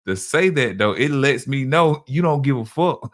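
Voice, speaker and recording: A man's voice: medium pitch, animated, normal speed. Guy chatting on a podcast, rambling a bit, restarts a lot, plain middle voice. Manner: loose, repetitive storytelling with frequent restarts. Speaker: podcast co-host. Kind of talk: casual chat.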